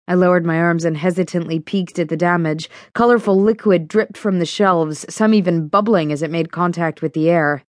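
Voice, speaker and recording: A woman reads a first-person novel aloud in a steady, even manner. Her voice sits a little low, and the close studio recording is dry with no room sound. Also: moderate pace, hardly any pauses, dry recording. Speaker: audiobook narrator. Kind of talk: scripted first-person narration.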